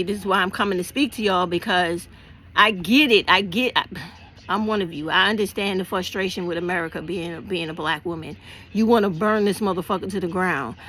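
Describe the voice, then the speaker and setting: A woman's voice: mid-range voice, fairly bright tone. A woman talking bluntly and passionately to her viewers, swearing freely as she explains civic action. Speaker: vlogger. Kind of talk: casual political talk to camera.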